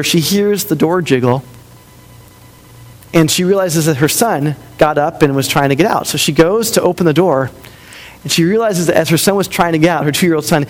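A man preaching a sermon, telling a story and often dropping to a soft, gentle voice for quiet lines. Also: on the high side. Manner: storytelling, drops softer for tender quoted lines. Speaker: pastor.

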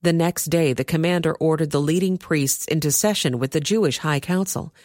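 Woman reader, lowish voice, dry close sound, steady scripture reading. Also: no echo. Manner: steady, measured storytelling.

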